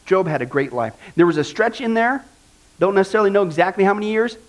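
A man teaching a Bible lesson in an animated, jokey, conversational preaching manner. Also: high voice, fast talker.

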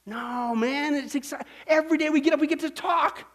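A man preaching a sermon as pastor, animated and humorous, asking the congregation questions and acting out little scenes. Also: very high-pitched, brisk.

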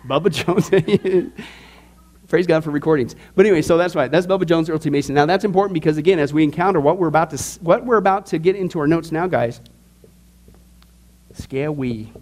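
A man's voice: fairly high pitch, fast. A man teaching a Bible study class in a casual, emphatic way, cracking jokes and asking the group questions.

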